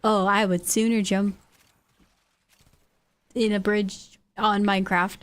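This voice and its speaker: A woman's voice: medium pitch, little pitch movement, slow pace. A woman from California streaming, chatting casually with her viewers and laughing often. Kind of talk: casual livestream chat, reading chat aloud.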